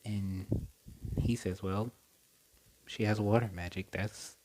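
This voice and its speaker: A man's voice: fairly low pitch, fairly even intonation, slow, darkish tone, slight background noise, rough recording. A young man casually retelling a story, rambling with lots of fillers and self-corrections. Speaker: storyteller retelling a fan scenario.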